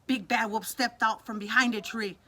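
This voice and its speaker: A woman reading a picture book aloud with a lively, expressive delivery. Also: normal speed. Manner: lively, expressive reading that shifts pitch for the characters. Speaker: storybook reader.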